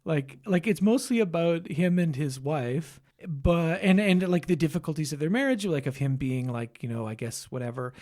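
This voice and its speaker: A man's voice: a little high, animated, moderate pace, few pauses, a little mellow. A man hosting a casual podcast chat, rambling with many restarts and frequent laughs. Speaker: podcast host.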